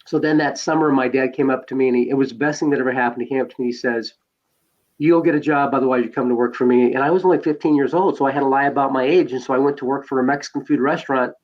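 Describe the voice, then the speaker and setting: Man from Southern California, mid-pitched, talks through his past in a loose, rambling way, dull lo-fi sound. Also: fairly even intonation, very fast, hardly any pauses. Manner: rambling storyteller, many fillers and restarts. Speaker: podcast guest. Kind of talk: personal life story told in conversation.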